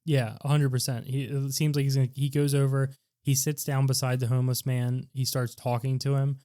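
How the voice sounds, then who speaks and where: A man co-hosting a podcast, rambling through a casual movie recap and acting out quoted lines with sudden loud jumps. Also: mid-range voice, level tone, fairly quick, no echo, clean studio sound. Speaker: podcast co-host.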